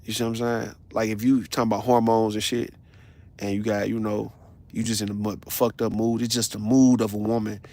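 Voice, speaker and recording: A man, ranting on a casual livestream in a blunt, profane, animated storytelling way. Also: on the low side, fairly quick. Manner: blunt, confrontational.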